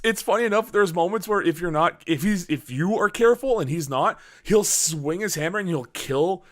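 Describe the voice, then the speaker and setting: Animated man telling a story on a podcast. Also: high voice, normal speed. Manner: animated storytelling, acts out his own reactions, swears a lot. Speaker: podcast host. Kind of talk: casual podcast chat.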